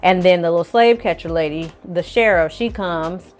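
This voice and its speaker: A woman hosting her own channel, recapping a TV episode in a lively, slangy storytelling style. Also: fairly low pitch, normal speed, faint music behind. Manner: animated, slangy storytelling with acted quotes. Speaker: film reviewer, channel host.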